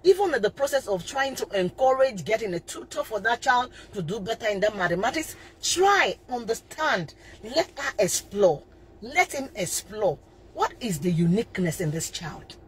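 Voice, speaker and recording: A middle-aged woman speaks as a parenting coach in a passionate live talk, her voice a little high and very animated at a normal speed. She hammers home her points with emphatic, preacher-like intensity, often repeating and restarting phrases. There's slight background noise.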